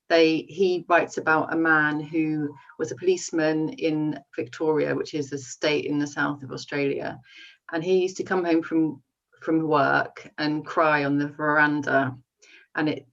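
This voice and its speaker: A woman's voice: low voice, creaky, a bit bright. A woman novelist on a literary panel, speaking thoughtfully with many ums and restarts, then reading from her book. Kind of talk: book talk and reading aloud. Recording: muffled audio, distant mic.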